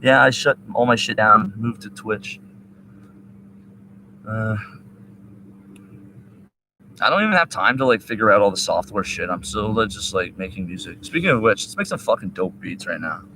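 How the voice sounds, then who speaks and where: A man live streaming from a park, rambling and swearing while high. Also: lively intonation, normal speed, pauses often, background noise. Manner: rambling, profane, sing-song asides. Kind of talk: rambling outdoor livestream chat. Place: park outdoors.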